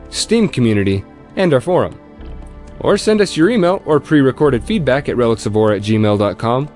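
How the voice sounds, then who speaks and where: A man hosting a podcast, chatting casually and joking, then rattling off the show's plugs. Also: medium pitch. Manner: animated, jokey, rattles off plugs quickly. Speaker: podcast host.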